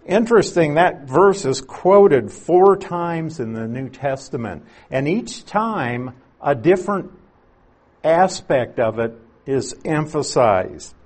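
A man's voice: fairly high pitch, animated, slow pace, a little mellow. A man teaching through scripture in an expository sermon, patient and explanatory, leaning on key words to drive his points home. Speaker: Bible teacher.

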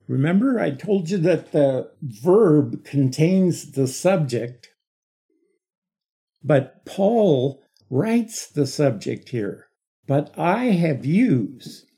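A middle-aged man teaching a Bible study lecture, explaining slowly and stressing key words with emphatic repetition. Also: on the high side, very animated, warm tone, breathy edge.

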